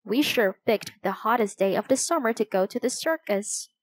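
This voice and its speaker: A woman's voice: a little high, lively intonation, normal speed, no echo. A woman voicing a playful boy who grumbles and jokes, in a children's storybook reading. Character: boy, joking and a bit whiny.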